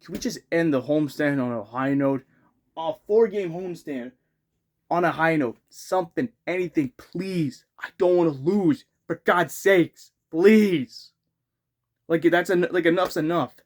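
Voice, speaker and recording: A man's voice: a little high, normal speed. Exasperated male hockey fan ranting. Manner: exasperated, repeats himself, swears, rising outbursts.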